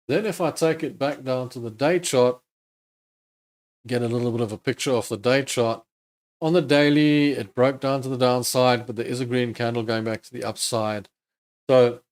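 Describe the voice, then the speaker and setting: A man's voice: medium pitch, darkish tone. Man casually talking through trading charts. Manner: casual, thinks aloud over charts, chatty with viewers. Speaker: trading stream host. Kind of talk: live market commentary.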